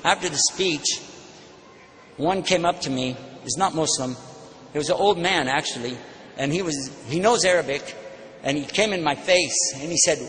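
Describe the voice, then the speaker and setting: A man giving an animated religious lecture, telling personal stories and acting out the dialogue. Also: sits high, moderate pace. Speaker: Islamic speaker. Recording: long hall reverb, faint background noise.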